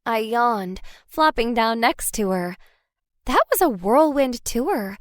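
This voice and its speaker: Woman narrator for a first-person audiobook, lively and bright-toned. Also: fairly high pitch, slow pace, no echo, clean studio sound.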